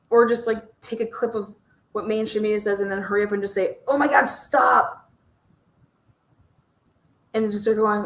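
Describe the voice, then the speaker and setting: A woman hosting a casual livestream, ranting in a profane, exasperated and sarcastic way, her voice slightly hoarse. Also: fairly high pitch, a little fast, echoey room, rough recording. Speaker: true crime livestream host.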